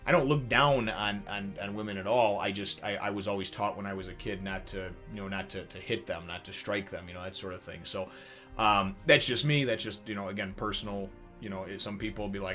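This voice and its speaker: A man's voice: lowish voice, a little fast, faint music behind. A man giving a casual, rambling review of a manga chapter. He swears a lot and fills his talk with "you know.". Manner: rambling, swears, many fillers; grows loud and excited when retelling action.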